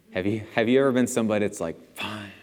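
A man's voice: fairly low pitch, a little mellow, clean tone. Chatty young man preaching in a reverberant hall. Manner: chatty and self-deprecating, chuckles often. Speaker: church speaker. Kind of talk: casual sermon with stories. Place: church auditorium.

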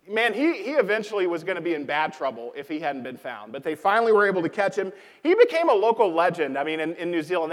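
High-voiced male pastor in echoing hall. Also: a bit bright. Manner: conversational, with frequent fillers and repeated key lines. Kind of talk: sermon. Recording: long hall reverb.

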